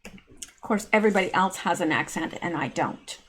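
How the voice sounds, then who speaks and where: A woman's voice: lowish voice, lively intonation, normal speed, a bit bright, breathy edge. A middle-aged woman hosting casual video commentary, chatty and full of rambling asides. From Canada. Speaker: channel host.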